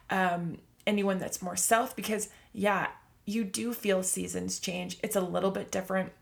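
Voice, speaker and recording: A woman hosting her own podcast, talking in an upbeat, chatty, motivational way with lots of "like". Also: mid-range voice. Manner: upbeat and chatty, many fillers of "like". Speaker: podcast host. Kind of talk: casual motivational monologue.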